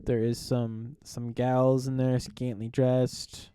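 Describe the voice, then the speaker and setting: A man co-hosting a casual movie review podcast, relaxed and easygoing, laughing often and pausing with ums. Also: medium pitch, clean tone, dry recording, studio quality. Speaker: podcast co-host.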